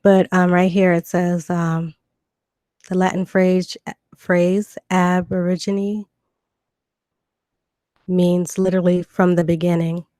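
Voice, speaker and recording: A Southern woman from Virginia with a bit of Georgia twang talks casually on her live stream, full of ums and restarts. Her voice sits low for a woman, recorded dry and close on a desk computer mic. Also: little pitch movement, slow pace, pauses often, warm tone, dry recording. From Virginia and Georgia, USA. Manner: chatty, loose, many fillers and restarts. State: recovering from illness. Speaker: livestream host. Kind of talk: casual live stream talk, reading definitions.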